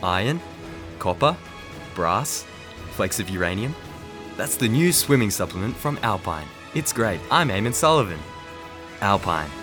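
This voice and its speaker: A man's voice: lowish voice, big pitch swings, unhurried, pauses often, over music. A man impersonating a cheesy male celebrity athlete selling products in a comedic ad parody. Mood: salesy. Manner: salesy, goofy, laughs at himself.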